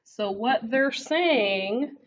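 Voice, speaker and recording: A woman's voice: a little high, lively intonation, drawn-out words, a little hiss or hum. A woman teaching a math lesson from her notes, checking in with frequent "okay?"s as she writes and explains. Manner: talks while writing, frequent "okay?" check-ins. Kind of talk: classroom video lesson, working through notes. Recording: slightly dull, lo-fi recording.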